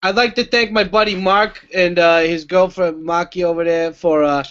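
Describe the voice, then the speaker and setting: A rowdy, swearing man co-hosting a casual web show in a notably high voice. His jokes come through muffled, like video call audio. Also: fairly even intonation, normal speed, fairly bright tone, smooth. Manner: rowdy, profane, joking.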